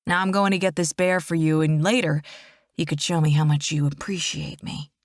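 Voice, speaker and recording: A woman's voice: low voice, steady tone, dry recording. Woman reading a growly possessive biker boyfriend. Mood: teasing. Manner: growly, commanding, quick.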